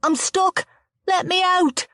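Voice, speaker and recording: A woman's voice: on the high side, animated, unhurried, a little mellow, husky, dry recording, studio quality, pitched above the performer's own voice. A woman voicing a frightened, bullied small schoolboy who pleads in panicky cries. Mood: panicked.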